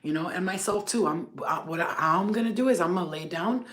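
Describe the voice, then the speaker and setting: Her voice is lowish and a bit bright, and her pace is quick. She's an Albanian-background woman with a spiritual healing channel, giving a blunt, profane, rambling, filler-heavy rant to camera without a script.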